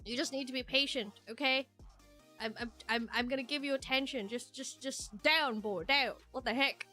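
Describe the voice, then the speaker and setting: A woman chats live with her viewers in a high, bright voice. She is playful and giggly, teases her chat and laughs often. Her talk stays loose and off the cuff. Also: normal speed, soft background music. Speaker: live streamer reading super chats. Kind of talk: casual live-stream chat.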